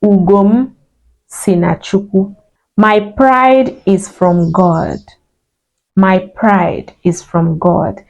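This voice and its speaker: Woman teacher, slow deliberate delivery, warm low-key voice. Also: creaky, dull audio, soft background music. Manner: repeats each word slowly, light laughter. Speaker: language teacher. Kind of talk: slow spoken lesson on name meanings.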